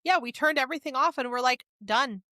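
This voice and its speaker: A woman co-hosts a casual podcast, candid and chatty, often laughing. Her voice is bright and a little high. The recording is dry and close. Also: quick pace, no room sound. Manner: candid, frequent laughs, fillers like "like". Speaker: podcast co-host.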